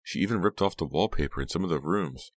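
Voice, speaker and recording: A man's voice: low voice, fast, no room sound, pitched above the performer's own voice. A man voicing an anxious, insistent teenage girl in an audiobook reading. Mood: urgent. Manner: urgent, insistent.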